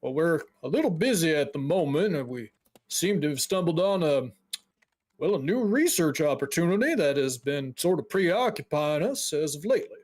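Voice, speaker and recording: A man voicing a polite, busy dwarf from a mage guild, speaking in a courteous, slightly hurried way. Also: a little high, animated, a little mellow.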